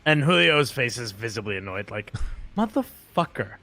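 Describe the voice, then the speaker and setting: A man's voice: medium pitch, moderate pace, over music. A man playing a tabletop game, casually describing what his character does. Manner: casual with fillers and restarts. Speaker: player.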